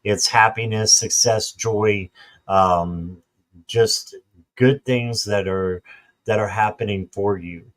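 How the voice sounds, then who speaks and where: Male tarot reader, lowish voice, laid-back chat with pauses and fillers. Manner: relaxed, hesitant with fillers. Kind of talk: casual tarot reading.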